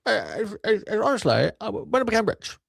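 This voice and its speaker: A simpering, self-important rich podcaster, put on by a man in a high, breathy voice. The sound is close and dry. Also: very animated, fairly quick, fairly bright tone, no room sound, full character voice. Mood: mocking. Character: mocking impression of a soft-spoken rich male podcaster.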